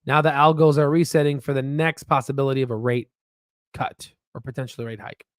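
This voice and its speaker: A man hosting a casual stock market video, rambling and excitable, with frequent profanity and restarts. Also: mid-range voice, brisk, no echo, clean studio sound. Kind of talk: casual market commentary with screen share.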